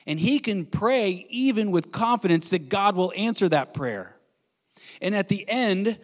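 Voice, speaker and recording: An earnest male pastor preaches a sermon with a somewhat high voice for a man. He swings between bold, raised lines and near-whispered hushes. His words ring out with long reverb in a church hall. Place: church sanctuary.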